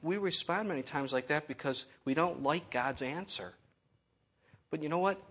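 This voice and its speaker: Husky-voiced male preacher. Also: fairly high pitch, lively intonation, normal speed, fairly bright tone, lo-fi sound. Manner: conversational preaching with rhetorical questions. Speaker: pastor. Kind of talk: sermon.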